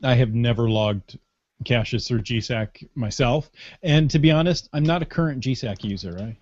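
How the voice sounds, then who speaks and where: A man's voice: medium pitch, normal speed, a little mellow, no room sound. A man hosting a casual podcast in a playful, joking way. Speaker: podcast host. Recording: dull lo-fi podcast audio.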